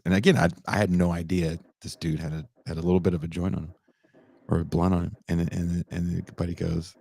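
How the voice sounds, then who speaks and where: Deep-voiced man telling an animated story. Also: brisk. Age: 40s. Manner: animated storyteller who acts out the people in his story. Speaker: podcast host. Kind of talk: casual storytelling chat.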